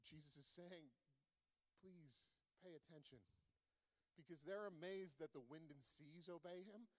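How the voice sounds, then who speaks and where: A man preaching a sermon in a conversational way, asking the listeners many rhetorical questions. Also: mid-range voice. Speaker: pastor. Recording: long reverb of a large hall.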